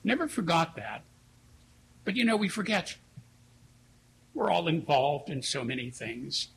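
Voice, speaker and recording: A priest gives a sermon in a church, and his voice sits a little high for a man. He tells his stories earnestly, lingering on pauses, over a faint hum. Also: big pitch swings, vocal fry, fairly bright tone, poor audio. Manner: earnest, reflective storytelling with slow pauses.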